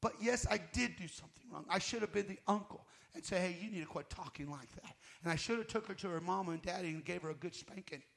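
A man preaching a heartfelt sermon in a high, gravelly voice. He tells his own testimony, rising into loud fervent bursts and sinking to hushed, almost whispered moments. The delivery is raw and personal, with plain everyday phrasing. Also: fast talker, few pauses. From United States. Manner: emotional testimony, voice rising to loud fervor and dropping to near-whisper. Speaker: guest minister.

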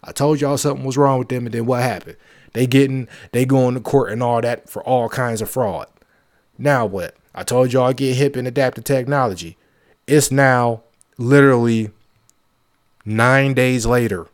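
A man's voice: mid-range voice, moderate pace. A man hosting his own show, talking in a casual monologue, emphatic and repetitive, with joking asides. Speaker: podcast host.

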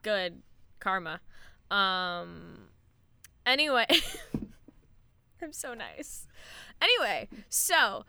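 A woman's voice: mid-range voice, big pitch swings, extremely slow, gravelly, pauses often, pushed and bright, clear, resonant tone. A young woman hosting a podcast, chatting playfully, swearing often and reading a news story aloud. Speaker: podcast host. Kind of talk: casual podcast chat.

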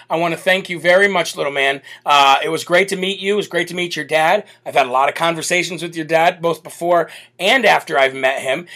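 American male host, bright and punchy, upbeat chatty shout-outs to viewers. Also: fairly high pitch. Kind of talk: live show reading viewer comments.

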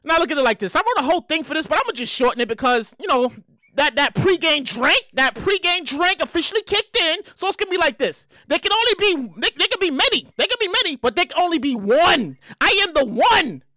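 A woman hosts her own podcast in a loose solo monologue, her voice riding very high with lively, swooping pitch. She sounds bright and punchy, hyped and profane, rambling and repeating herself. The sound is close and dry. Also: fairly quick, dry recording. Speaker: podcast host.

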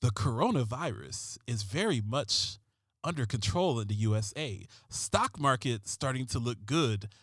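A brooding TV crime-show detective, as a man puts him on, with a low voice kept soft and hushed. He drags each phrase out slowly with heavy dramatic pauses, in a dry, close sound. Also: animated, no room sound. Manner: slow, murmured, dramatic pauses.

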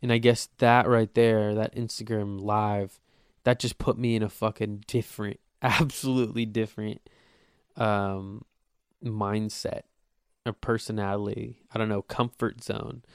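A young man hosts his own solo podcast, rambling casually, swearing and making jokes at his own expense. His voice is lowish, level and clean, delivered unhurriedly. The studio sound is clean with no echo.

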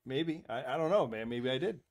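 A man's voice: mid-range voice, expressive, a little fast. A man hosting a podcast, chatting casually with many fillers and laughs. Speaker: podcast host. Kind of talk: casual chat.

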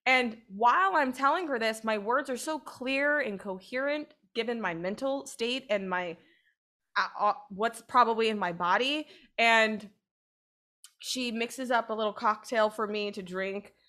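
Animated woman telling a rambling story. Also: fairly high pitch, a little slow. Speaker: podcast co-host. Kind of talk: casual storytelling chat.

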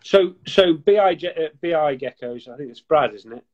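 A man's voice: fairly high pitch, animated, moderate pace, highs cut off. Blunt sweary man, Scouse-tinged. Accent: Scouse-sounding northern English. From northwest England, near Liverpool. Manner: blunt, profane, banter-heavy. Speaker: guest gecko breeder. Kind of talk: casual, sweary live chat. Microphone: webcam on a live video call.

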